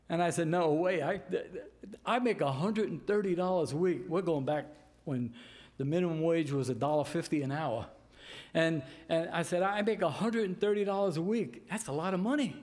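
An older man from New York tells a personal story in a casual, animated way, acting out the voices of the people in it. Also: high voice, moderate pace. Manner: animated, repeats "I said" and acts out voices in his story. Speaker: storyteller giving a testimony.

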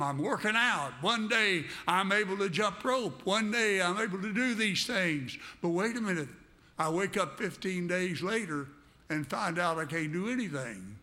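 A man's voice: high voice, pushed and bright. A man preaching a sermon to a congregation, fervent and direct, repeating phrases for emphasis.

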